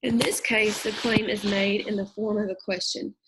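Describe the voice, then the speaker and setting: Gravelly woman teaching a lesson. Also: medium pitch, flat delivery, normal speed, background noise. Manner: patient, conversational, with frequent fillers. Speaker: middle school English teacher. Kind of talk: recorded online lesson, reading aloud and explaining.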